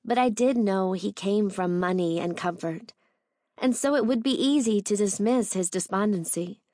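A woman narrating a first-person romance audiobook in a measured, intimate way. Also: medium pitch, dark tone, no echo, clean studio sound.

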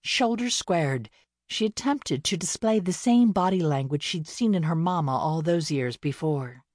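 Husky-voiced woman reading a novel. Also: fairly low pitch, dry recording, clean studio sound. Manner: steady, measured storytelling. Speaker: audiobook narrator. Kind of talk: scripted narration.

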